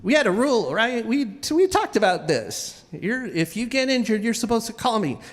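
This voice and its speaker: A man's voice: very high voice, very animated, normal speed, pitched above the performer's own voice, full character voice. A man voicing his exasperated, scolding middle-aged wife during a live storytelling set. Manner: scolding, sharp, incredulous. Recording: reverberant live hall.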